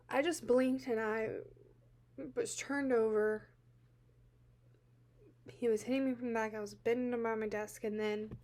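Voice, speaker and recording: A young woman telling a personal account to camera, halting and teary-eyed, full of filler words, swinging between quiet and loud. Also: a little high. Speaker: vlogger.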